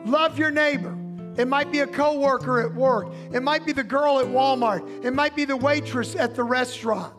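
A man with a Southern US accent, a pastor preaching a sermon in folksy, emphatic storytelling that drops to a hush for drama. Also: very high-pitched, normal speed, over music. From Southern United States. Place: church sanctuary.

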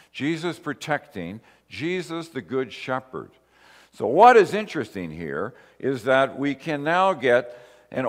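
Male preacher, mid pitch, talky teaching sermon, reverberant hall sound. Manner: conversational, questioning the listener.

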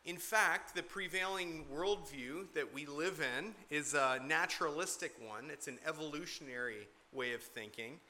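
A man's voice: on the high side, normal speed, hardly any pauses, pushed and bright. A man preaching an expository sermon from the pulpit, earnest and emphatic, repeating key points to drive them home. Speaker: pastor.

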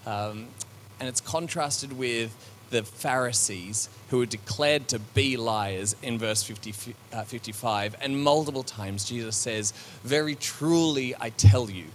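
A man's voice: mid-range voice, a little slow, a little hiss or hum. Conversational man preaching a sermon. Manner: conversational, with many fillers and restarts; reflective and searching.

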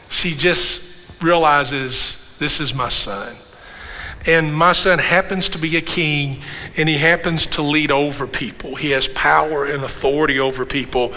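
A man's voice: fairly high pitch, sharp tone. A middle-aged man preaching a sermon in a church, conversational and jokey, often checking in with the congregation. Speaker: pastor. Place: church hall. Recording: long hall reverb, faint room noise.

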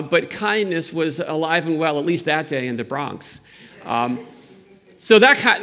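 New York pastor preaching in a hall. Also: male voice, a little high, a bit bright. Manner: storytelling, conversational with frequent restarts. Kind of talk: sermon.

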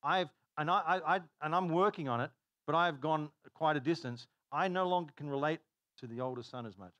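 A man preaching a sermon, telling stories in an animated way and laughing at his own jokes. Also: fairly high pitch, no echo. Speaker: pastor.

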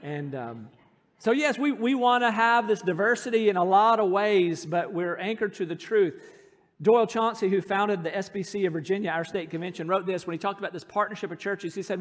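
A man's voice: high voice, fairly quick, in a large hall. A middle-aged man preaching a sermon as pastor, telling stories in an earnest, self-deprecating way. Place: church sanctuary.

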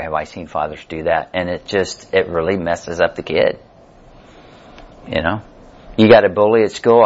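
An older man leading a casual Bible study lesson, talking conversationally, joking and acting out stories. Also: low-pitched. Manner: conversational, jokey, tells stories with acted dialogue. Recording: dull lo-fi sound.

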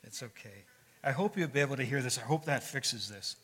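Delivering a sermon in a church sanctuary, an older guest speaker tells stories in a conversational tone full of small fillers and restarts. His mid-range voice is husky yet bright and forceful, animated and fairly quick, ringing with the long echo of a large church hall.

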